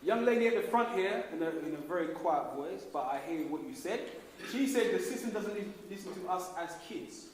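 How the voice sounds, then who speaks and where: A man from the Caribbean leading a lively class discussion, firing questions at pupils and repeating their answers back. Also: high voice, a little fast. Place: large echoey classroom. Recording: echoey room from far off.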